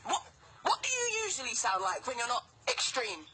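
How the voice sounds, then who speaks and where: Excitable radio host guy, high voice that jumps all over, laughs a lot. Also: fairly quick, a little hiss or hum. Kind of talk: radio show interview.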